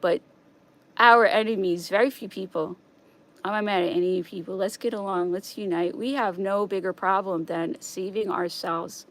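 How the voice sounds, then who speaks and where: A woman streaming a rambling, agitated monologue, repeating herself, swinging between raised outbursts and quiet, hushed stretches. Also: medium pitch, fairly even intonation, moderate pace.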